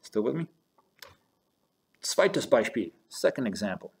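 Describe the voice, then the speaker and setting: A man with a somewhat low voice teaches German grammar in a recorded lesson. He explains patiently and slowly, moving back and forth between German sentences and their English meaning, and talks to his students as "you guys". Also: sing-song, slightly rough.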